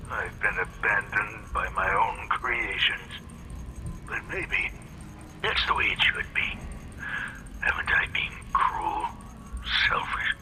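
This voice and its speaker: An actor playing a weary, regretful old male inventor in a video game cutscene, speaking in a slow, hushed, whispery way. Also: lowish voice, background noise.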